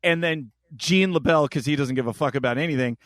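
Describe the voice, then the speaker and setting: A man's voice: on the high side, fast talker, no room sound, studio quality. A man hosting a podcast in casual chat, telling stories with acted-out voices. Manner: animated storyteller, acts out voices. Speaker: podcast host.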